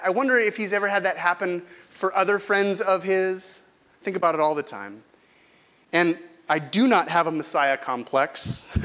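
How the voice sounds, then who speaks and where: A man's voice: high-pitched, pushed and bright. A middle-aged male pastor from California preaching a sermon in a conversational, self-deprecating way, often asking the congregation questions.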